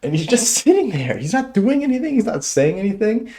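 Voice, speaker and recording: A young man telling a stand-up story in an animated way, chuckling as he goes. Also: sits high, a little fast. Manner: animated, chuckles through his own story. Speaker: stand-up comedian.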